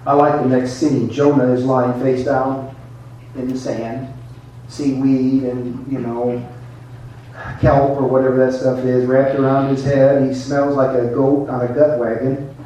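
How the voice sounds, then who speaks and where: A man's voice: mid-range voice, level tone, a little slow, warm tone, a little hiss or hum. A man preaching a sermon in a folksy, emphatic storytelling way. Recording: echoey hall, mic far off.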